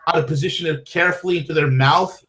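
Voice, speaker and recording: A man's voice: fairly high pitch, quick pace, a bit bright. A man in casual political talk-show chat, crude and mocking, often laughing.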